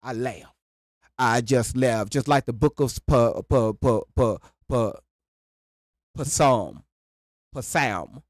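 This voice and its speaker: A man hosting a live reaction stream, chatting casually, stammering and repeating words, and swinging from low mutters to loud exclamations. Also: slow pace, pauses often, dry recording, clean studio sound.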